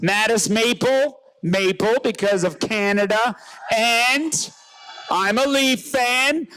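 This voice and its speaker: Excitable newfoundland-born comic guy yelling jokes at a rally crowd, super high voice. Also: takes it slowly, no room sound, poor audio. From rural Newfoundland. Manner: loud, excitable, joking, often shouting to the crowd. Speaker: comedian performing at a rally. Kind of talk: stand-up banter with a live crowd. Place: outdoor stage at a rally.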